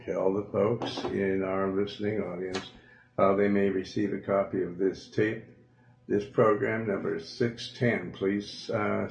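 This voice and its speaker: Deep gravelly pastor, echoey tape. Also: male voice, darkish tone. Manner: slow, deliberate prayer-leading with drawn-out phrases. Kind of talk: radio sermon and altar-call prayer. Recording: echoey, muffled old radio tape.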